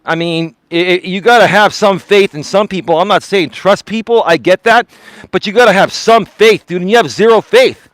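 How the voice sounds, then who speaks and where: A man with a high voice lectures his live stream audience while walking outdoors. He sounds indignant and repeats his points. The sound is dry and close, with little room around it. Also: moderate pace, fairly bright tone, no room sound. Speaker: life coach streamer.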